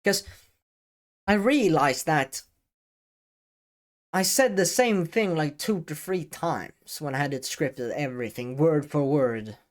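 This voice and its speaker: A man giving talking-head advice as an educational video creator, speaking deliberately with frequent pauses, stressed key words and casual swearing, seated at a desk mic. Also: fairly high pitch, lively intonation. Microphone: desk microphone, seated at camera.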